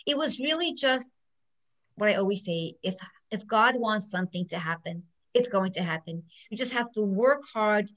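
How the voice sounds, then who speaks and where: A woman's voice: mid-range voice, normal speed, rough recording. A middle-aged woman who is a judge, giving an inspirational talk full of stories and acting out what people said. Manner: animated storyteller who acts out quotes.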